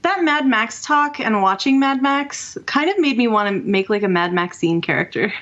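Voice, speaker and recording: A woman's voice: fairly high pitch, lively intonation, normal speed, a bit bright, lo-fi sound. A woman co-hosting a casual gaming podcast over a call, chatty and enthusiastic as she reads out listener messages. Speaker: podcast co-host. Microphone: remote call mic.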